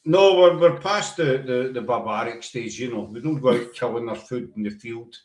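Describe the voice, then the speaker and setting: A man's voice: medium pitch, normal speed, roomy sound. A Scottish man with a Glasgow-area accent hosting a casual live-stream chat, rambling and self-mocking. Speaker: podcast host.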